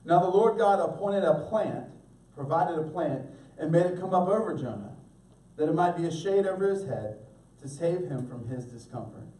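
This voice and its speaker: Man, pastor, sermon, high voice, animated, playful voices, echoey room, distant mic. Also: moderate pace. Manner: animated, acts out voices for humor.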